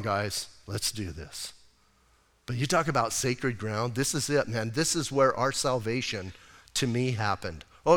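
Male pastor, casual and animated sermon, bright and forceful tone, recorded with echoing hall reverb. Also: medium pitch. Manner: casual, animated preaching with acted-out quotes. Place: church sanctuary.

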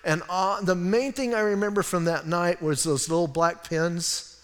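An older man preaching a sermon as a pastor, telling folksy stories with animated asides. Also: high voice, normal speed, smooth, big-room sound. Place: church sanctuary.

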